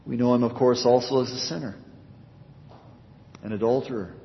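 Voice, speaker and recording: A male pastor preaches earnestly to his congregation. His voice climbs for emphasis and drops low as each phrase closes. It rings with a long church reverb, and the recording sounds dull and muffled. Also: steady tone, moderate pace, gravelly. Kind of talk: sermon.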